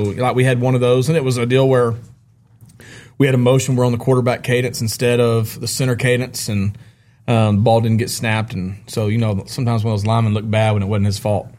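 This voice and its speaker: A man, a football coach, explaining his team's play quickly during an interview. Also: mid-range voice, darkish tone. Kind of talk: post-game interview.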